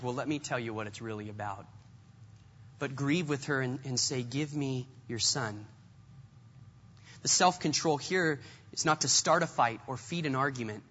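A man's voice: a little high, a bit bright, breathy edge, in a large hall, muffled recording. A man preaching a sermon with an earnest style, often repeating words as he goes. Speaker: pastor.

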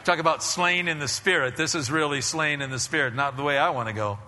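A male pastor giving a sermon in a church, animated and conversational, often restarting his phrases. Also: on the high side, brisk, big-room sound, a little hiss or hum.

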